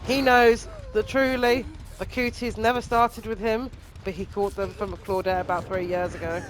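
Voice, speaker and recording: A woman's voice: mid-range voice, steady tone, moderate pace. A woman hosting a gaming channel, making up a crude, rambling comic story over gameplay. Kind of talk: comedic made-up narration over gameplay.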